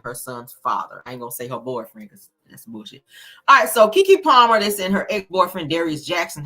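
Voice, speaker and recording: Brief: woman in her thirties, bright and forceful, slightly low pitch, blunt, animated celebrity gossip host, swears freely. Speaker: celebrity news commentator. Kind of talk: casual commentary to viewers.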